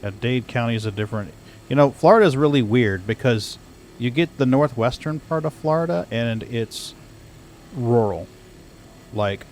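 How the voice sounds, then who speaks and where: A man's voice: lowish voice, a little mellow, slight background noise. An American man chatting casually while playing a game, easygoing and rambling. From United States. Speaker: streamer. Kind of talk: casual gaming chat.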